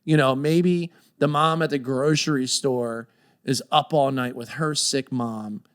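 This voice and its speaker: A man in his thirties chatting on a podcast, telling lively stories and acting out the voices of the people in them. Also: mid-range voice, a little slow, smooth. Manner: animated storyteller, acts out voices in quotes. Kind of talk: casual chat.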